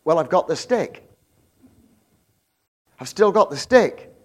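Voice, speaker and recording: A preacher acting out a panicked, whining Moses. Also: male voice, on the high side, sing-song, takes it slowly, darkish tone, full character voice. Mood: pleading. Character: panicked, whining biblical Moses, adult man.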